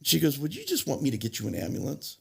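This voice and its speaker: Gravelly, husky man telling his story. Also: on the high side, huge pitch swings, a bit bright. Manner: halting, restarts and self-corrections, emotional retelling. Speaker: podcast guest sharing recovery story. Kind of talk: personal storytelling.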